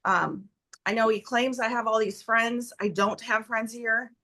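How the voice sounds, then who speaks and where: A woman testifying as petitioner at a court hearing, recounting events in an agitated, rushed way. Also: on the high side, fairly even intonation, pushed and bright.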